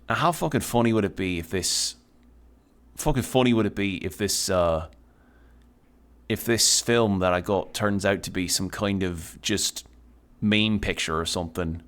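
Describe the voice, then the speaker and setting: A young man with a slightly low voice talks through his game stream in a loose, rambling way. He drifts between chatter and reactions to play, dropping frequent swear words. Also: unhurried, a bit bright. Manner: rambling, swears often while playing. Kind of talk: casual let's-play commentary.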